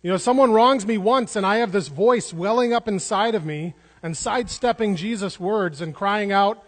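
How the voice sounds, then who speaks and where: A man's voice: high-pitched, normal speed, hardly any pauses. A man preaching a sermon in an earnest way, restarting words and repeating phrases for emphasis. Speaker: pastor. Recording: long hall reverb.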